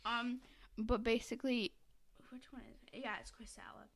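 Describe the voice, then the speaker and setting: A woman's voice: a little high, level tone, moderate pace, a crowd in the background. A young woman co-hosting a podcast, chatting casually and retelling scenes with lots of giggling. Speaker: podcast co-host. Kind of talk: casual chat.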